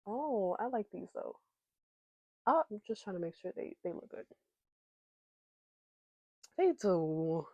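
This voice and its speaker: A woman's voice: on the low side, expressive, measured pace, pauses often, darkish tone, dry recording, highs cut off. A young woman hosting her podcast, chatting casually and playfully to herself while doing her makeup. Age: young adult. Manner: playful, giggly, talks to herself. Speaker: podcast host.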